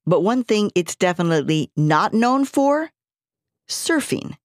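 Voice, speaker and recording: A woman's voice: low-pitched, no room sound, clean studio sound. Wry woman radio reporter. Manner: wry, playful delivery. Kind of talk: scripted feature narration.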